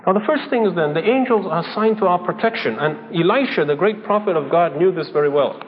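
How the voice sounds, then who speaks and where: A man's voice: sits high, animated, a little fast. A man preaching a sermon, telling a story and acting out its dialogue, often laughing as he goes. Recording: old lo-fi recording in a reverberant hall with faint noise.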